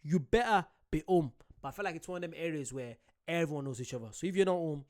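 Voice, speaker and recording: Young male reaction host from Ireland, casual and excitable, quick to swear, a bit high. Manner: excitable, swears, laughs at himself.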